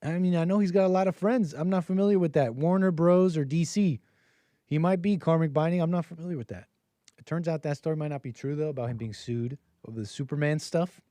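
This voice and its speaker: A man in his thirties hosts a call-in livestream in a loose, rambling way, chuckling as he reads viewer messages aloud. His voice has a mellow, darker tone. The recording is dry and close, with no room sound. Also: on the high side, fast talker, dry recording. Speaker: host of a call-in stream. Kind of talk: casual livestream commentary.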